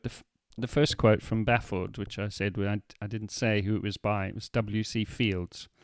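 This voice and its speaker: Smooth, low-voiced male podcast co-host. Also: steady tone, no echo. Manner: explains words slowly with definitions and quotes. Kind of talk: casual chat about word meanings.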